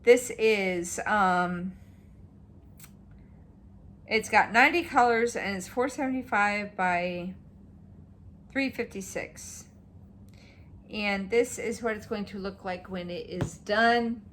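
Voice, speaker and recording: A woman vlogger chatting casually about her stitching projects, rambling and excitable, tired and yawning at times. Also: medium pitch, slow, pauses often, slight background noise. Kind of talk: casual show-and-tell chat.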